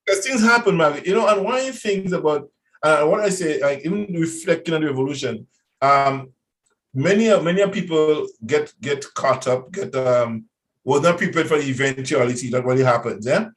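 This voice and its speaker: A man's voice: fairly high pitch, animated, a little fast, rough recording. Man, radio interview guest, earnest warning tone.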